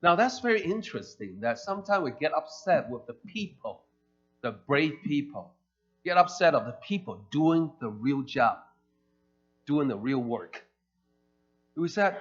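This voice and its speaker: Animated preacher man in a church. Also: on the high side, a little slow. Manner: animated, acts out quoted characters. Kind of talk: sermon storytelling. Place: church sanctuary. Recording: dull lo-fi church recording with faint music.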